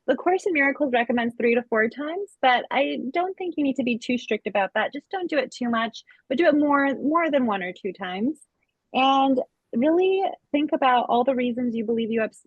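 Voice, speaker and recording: Woman, calm explanatory tone, spiritual lesson, dry, slightly muffled recording. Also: a little high, no room sound. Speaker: co-host.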